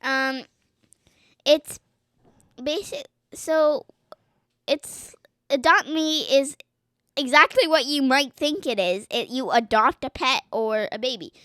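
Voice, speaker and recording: A woman's voice: high voice, slow pace, pauses often, fairly bright tone, dry recording, studio quality. A young girl as a podcast guest, chatting casually and playfully, giggling and trying silly accents. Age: child. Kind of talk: casual chat. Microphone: podcast mic.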